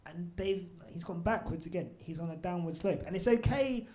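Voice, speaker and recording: A man co-hosting a live podcast at an event with an audience, talking loudly with lots of swearing and laughter. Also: high voice, moderate pace. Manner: loud, swearing, laughing banter. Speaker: podcast co-host.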